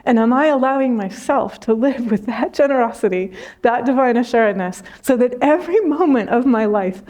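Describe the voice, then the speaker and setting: Woman spiritual teacher, higher voice, gentle reflective talk after meditation, soft frequent laughter, unhurried. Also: animated.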